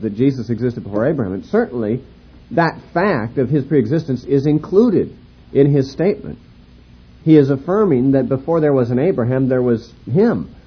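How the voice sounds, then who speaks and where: Husky man giving a measured Bible lecture. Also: medium pitch, muffled recording. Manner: measured, explanatory, spells out words. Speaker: Bible teacher.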